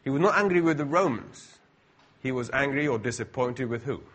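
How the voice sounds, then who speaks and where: A man's voice: medium pitch, lively intonation, fairly quick, a bit bright, husky. A middle-aged man preaching a sermon in a conversational way, full of asides and rhetorical questions.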